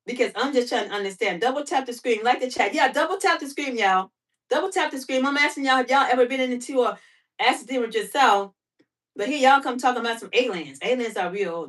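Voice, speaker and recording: A woman hosting a casual livestream, talking to her chat in an animated, talkative way, laughing often and firing off rhetorical questions. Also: fairly high pitch, brisk. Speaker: livestream host. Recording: voice somewhat far from the mic.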